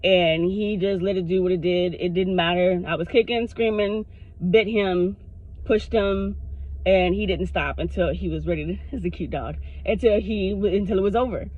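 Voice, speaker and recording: A woman vlogger telling a personal story to her camera in a frank, animated way, swearing freely. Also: mid-range voice, moderate pace, dry recording. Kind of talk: casual storytime monologue. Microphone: self-recorded on camera. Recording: dull lo-fi sound.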